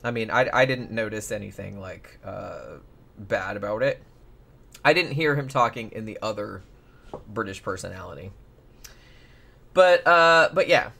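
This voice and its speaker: A man's voice: fairly low pitch, animated, measured pace, gravelly, long pauses, pushed and bright. A man hosting a casual true-crime podcast, rambling with lots of "like" and restarts. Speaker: podcast host.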